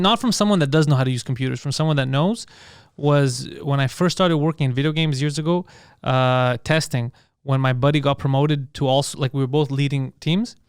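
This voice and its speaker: A man trading stories on a comedy podcast, swearing freely and throwing himself into loudly acted-out quotes. His voice sits a bit high and sounds smooth and clear. The sound is dry and close. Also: no room sound. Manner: animated storyteller who swears and acts out quotes loudly. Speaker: podcast co-host. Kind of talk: casual comedy podcast chat.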